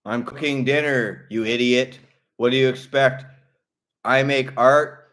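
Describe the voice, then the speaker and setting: A man's voice: mid-range voice, fairly even intonation, unhurried, a bit bright, close to an everyday voice. A man doing a comic impression of a volatile, bratty young man who shrieks and whines in angry outbursts. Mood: snapping. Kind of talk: comic impression in a casual chat.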